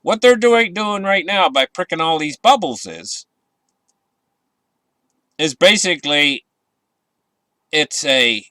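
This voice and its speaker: A man's voice: a little high, animated, slow, long pauses, pushed and bright, no echo. A man hosting a casual market commentary channel, rambling with many fillers and restarts and a sarcastic edge.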